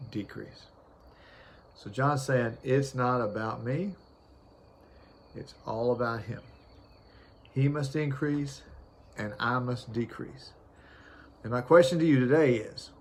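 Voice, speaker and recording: A man preaching an informal sermon, reading scripture aloud with frequent fillers and restarts. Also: medium pitch.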